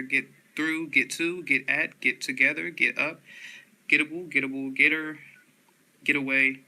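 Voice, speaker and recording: A man slowly reading dictionary headwords aloud in a flat monotone, often restarting words. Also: medium pitch, creaky, low-quality recording.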